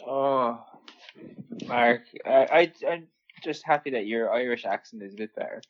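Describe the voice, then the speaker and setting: A man's voice: mid-range voice, measured pace. A man co-hosting a casual comedy podcast, reacting with disbelief, swearing and laughing. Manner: incredulous, swears, bursts into laughter. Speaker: podcast co-host. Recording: dull lo-fi mic.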